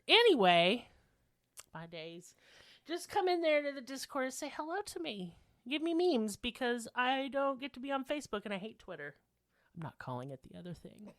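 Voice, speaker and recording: A woman's voice: high voice, very animated, normal speed, a bit bright, dry recording, studio quality. Sassy, profane woman podcaster. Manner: sassy, profane and self-mocking. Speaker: podcast co-host. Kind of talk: casual chat.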